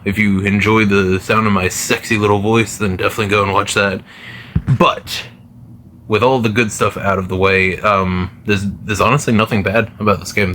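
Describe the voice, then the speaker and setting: Man, low-pitched but bright, forceful tone; casual, rambling gaming commentator full of fillers. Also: slight background noise. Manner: rambling, many fillers and restarts. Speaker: gaming video creator.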